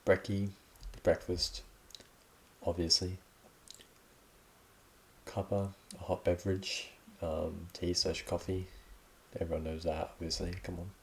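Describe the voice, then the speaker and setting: A man's voice: low-pitched, flat delivery, a little slow, creaky, pauses often, a little hiss or hum. A young Australian man hosting a casual solo podcast, reading out slang with offhand, sweary remarks and the odd laugh. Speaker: podcast host.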